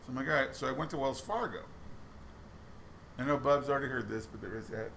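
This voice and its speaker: A man's voice: medium pitch, fast talker, fairly bright tone, slight background noise. A man chatting casually while going through boxes of coins, telling stories with lots of restarts. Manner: chatty storytelling with many restarts. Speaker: coin roll hunting vlogger.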